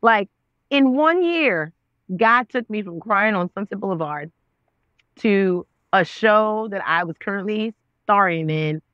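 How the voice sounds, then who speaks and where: Animated woman telling her story. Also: medium pitch, a little slow, clean tone, dry recording, muffled recording. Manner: expressive, acts out her own past dialogue with God. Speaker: guest, actress and author.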